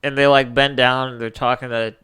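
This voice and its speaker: A young man co-hosting a casual podcast chat, animated and swearing freely as he retells movie scenes. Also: medium pitch, fairly quick, smooth. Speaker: podcast co-host.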